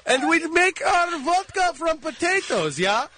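A boisterous, vodka-loving Russian man with a thick put-on Russian accent, as a stuffed-up man plays him. The voice sits high and bright and lilts widely. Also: sing-song, unhurried, slight background noise, heavily acted. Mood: boastful. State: congested, nasal.

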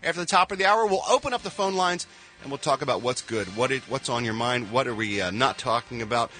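Guy hosting radio, playful deadpan jokes, bright voice jumping all over. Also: medium pitch, fast talker. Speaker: radio show host. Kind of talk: joking radio banter. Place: radio studio.

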